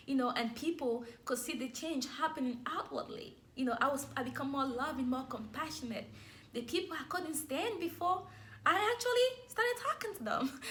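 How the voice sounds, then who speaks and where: In a slightly bright, high voice, a young woman recounts her own journey of faith with emotion and honesty. It plays as a sincere personal testimony, dotted with brief, light laughs.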